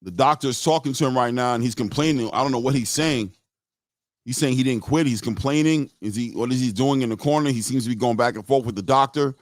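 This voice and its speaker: A man's voice: medium pitch, fast talker, no echo, studio quality. Slangy man calling a boxing fight. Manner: slangy, repetitive, talks straight to viewers. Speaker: live stream host and boxing commentator. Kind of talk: casual live fight commentary.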